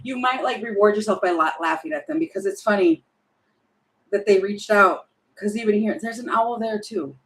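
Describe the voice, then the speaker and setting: A woman's voice: medium pitch, animated, moderate pace, a bit bright, rough recording. A woman doing a casual tarot reading to camera at home, chatty and laughing, talking to herself between cards. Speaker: tarot reader.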